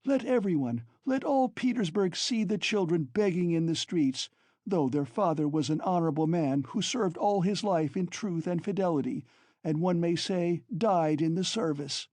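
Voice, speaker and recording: A man reading an audiobook, voicing a proud, consumptive impoverished mother who talks in rapid, frantic bursts, panting and coughing. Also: animated, a little mellow, slightly rough, no echo. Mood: frantic, desperate. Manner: rapid, frantic, shrill outbursts.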